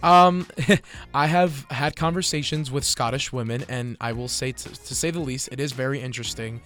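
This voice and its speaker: A young man co-hosting a relaxed podcast, rambling through a travel story with a mid-range voice and easy laughter. He swears casually and talks in loose, chatty bursts. Faint music sits behind him. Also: mid-range voice, moderate pace. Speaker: podcast co-host. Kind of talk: casual chat.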